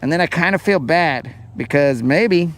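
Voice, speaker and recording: A man's voice: fairly high pitch, expressive, moderate pace, slight background noise. A man hosting a fishing show who tells a rambling, playful story in casual slang. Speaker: fishing podcast host.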